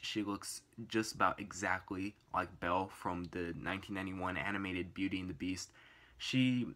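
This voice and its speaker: A man's voice: lowish voice, bright, forceful tone. A young man giving a casual, enthusiastic movie review, rambling with fillers and restarts.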